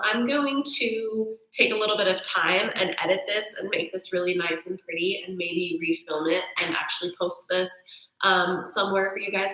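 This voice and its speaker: A young woman teaching yoga philosophy in a casual, animated way, often checking in with "right?". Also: on the low side, very echoey, rough recording. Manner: animated storytelling with self-quotes, frequent "right?".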